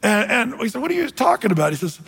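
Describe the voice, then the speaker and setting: A man with a notably high voice preaches a sermon as a pastor. He talks in a relaxed, storytelling way and slows right down to press home key phrases. His voice rings out with the long reverb of a big hall. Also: slightly rough. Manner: conversational, storytelling, emphatic with slow stressed phrases.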